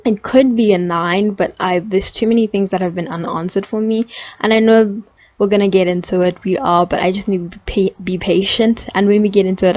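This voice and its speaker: A young adult woman chatting casually in a review vlog, gushing with bursts of excited emphasis. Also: mid-range voice, moderate pace, dry recording. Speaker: TV series reviewer.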